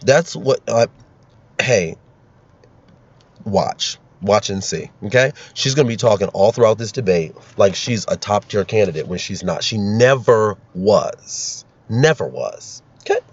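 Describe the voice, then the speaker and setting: Male political commentator, sarcastic ranter, low voice, dull lo-fi sound. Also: expressive, measured pace, breathy edge. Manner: sarcastic, ranting, laughs at his own jokes. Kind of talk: opinionated solo commentary. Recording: dull lo-fi recording.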